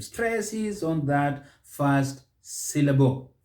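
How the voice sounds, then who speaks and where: A man teaching pronunciation, slowly repeating each word several times for learners to copy. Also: fairly high pitch, very animated, darkish tone, reverberant. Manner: slow, deliberate, repeats words for drilling. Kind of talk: instructional pronunciation lesson.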